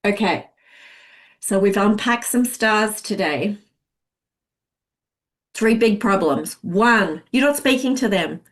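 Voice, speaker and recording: A woman sales coach teaching a masterclass, chatty and expressive. She talks at an ordinary pitch and acts out little client voices as she goes. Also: slow, pauses often.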